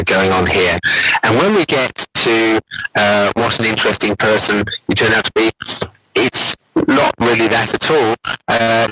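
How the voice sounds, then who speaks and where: A man's voice: fairly low pitch, sharp tone, slight background noise, poor audio. A man giving an academic conference talk, explaining and acting out quoted intonations. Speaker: conference lecturer.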